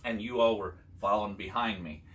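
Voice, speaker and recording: An older man telling his son hunting stories from years back, in a halting, casual way with many fillers. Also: lowish voice, fairly bright tone, a little hiss or hum. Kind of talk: casual storytelling chat.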